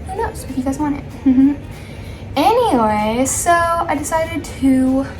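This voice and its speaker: A woman's voice: sits high, slow pace, faint music behind. A woman telling a casual storytime while doing her makeup, chatty and rambling, with frequent laughs and asides. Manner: chatty and animated, laughing often. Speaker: storytime vlogger.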